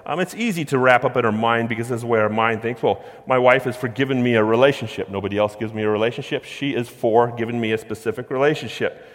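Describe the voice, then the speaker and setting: A man preaching a sermon, slowing down on key words and swinging between hushed and loud. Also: mid-range voice, long reverb tail. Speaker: pastor. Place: church sanctuary.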